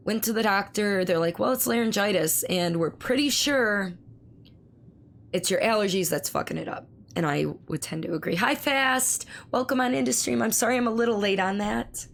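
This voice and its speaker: A hoarse woman with laryngitis, chatting casually with her stream viewers and reading their messages aloud, speaking slowly to spare her voice. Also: mid-range voice. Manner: reads viewer messages aloud and answers them. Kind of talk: casual live-stream chat.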